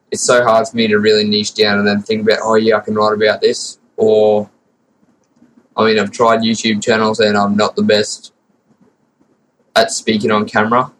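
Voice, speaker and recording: A teenage Australian man leaves an earnest, rambling voicemail. His voice sits low and stays flat, with little rise and fall. A faint hiss hangs behind it. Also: poor audio. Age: teens. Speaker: caller. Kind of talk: recorded listener voicemail.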